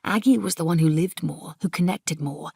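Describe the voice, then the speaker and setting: A woman reading a novel aloud in measured, intimate first-person narration on a close studio mic. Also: on the low side, vocal fry, darkish tone, husky, no echo. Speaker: audiobook narrator.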